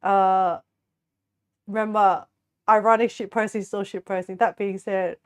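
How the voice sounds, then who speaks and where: A woman's voice: mid-range voice, fairly even intonation, unhurried, long pauses, smooth. A young Australian woman chatting casually while baking on a stream, giggling often and rambling with lots of restarts.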